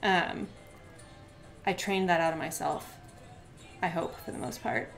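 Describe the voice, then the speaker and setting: Fast-talking chatty woman streamer. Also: on the low side, creaky, soft background music. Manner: fast-talking with many filler words; counts aloud softly while working. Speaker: crafting live-streamer. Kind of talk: chatty live-stream talk while crafting. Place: at home, standing at a desk.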